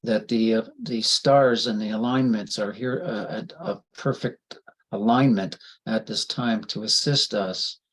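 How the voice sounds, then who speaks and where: Husky man leading a solemn prayer. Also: lowish voice, steady tone, a little slow, low-quality recording. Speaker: spiritual healer. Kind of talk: guided group prayer.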